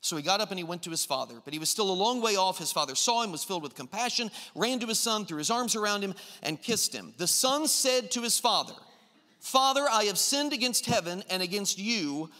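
A man's voice: sits high, lively intonation, fast talker, few pauses, pushed and bright, big-room sound. A man preaching a sermon, impassioned, who acts out the father's lines with rising intensity. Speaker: pastor.

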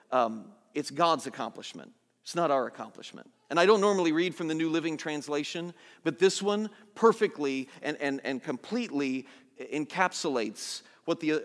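High-voiced man preaching in a reverberant hall. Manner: swings from soft, low lines to loud, urgent ones. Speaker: pastor. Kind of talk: sermon.

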